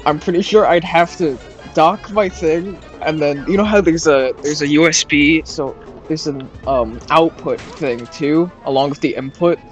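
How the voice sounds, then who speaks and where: A man's voice: on the high side, unhurried, dull audio. A young man casually chatting and swearing while playing a kart racing game, laughing often. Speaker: gamer. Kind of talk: casual gaming chat. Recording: game music playing behind.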